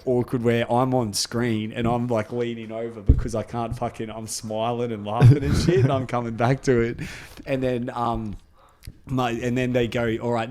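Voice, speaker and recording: Animated, swearing man telling a story. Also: mid-range voice. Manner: animated, swearing, laughs through his story. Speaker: podcast co-host. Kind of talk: casual storytelling chat.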